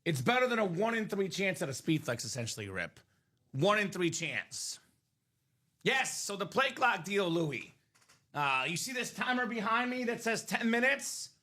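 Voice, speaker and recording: Coughing and clearly losing his voice, this high-voiced man still talks at a moderate pace. He's running a live trading card break stream, bantering with his co-host and animatedly walking the chat through the rules in a sales-style livestream.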